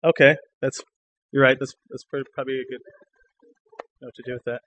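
A young man performing spoken word poetry for a live audience, moving between loud declamation and hushed lines, and bantering loosely between poems. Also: medium pitch, little pitch movement, a little fast, muffled recording.

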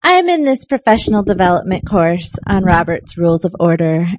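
A woman poet giving a live poetry reading, expressive in her poems and soft and chatty in the asides between them. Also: mid-range voice, no room sound. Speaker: featured poet. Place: poetry night venue.

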